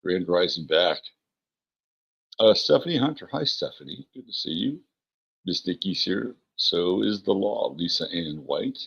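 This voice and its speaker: A man hosting an astrology livestream, greeting chat viewers by name in a relaxed, rambling way with many fillers and a gravelly, husky voice. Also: sits low, unhurried, dull audio. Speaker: astrology show host.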